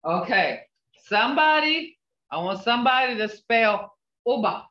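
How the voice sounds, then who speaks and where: A fairly high, unhurried voice with big pitch swings belongs to an older woman teaching a language class on a video call. She coaches patiently, often adding "okay?" to check in. The sound comes from a distance and is muffled and echoey.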